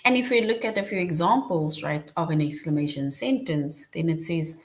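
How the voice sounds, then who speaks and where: Patient woman teaching grammar, low voice. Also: normal speed. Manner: explains patiently, often checks with "right?". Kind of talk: online grammar lesson.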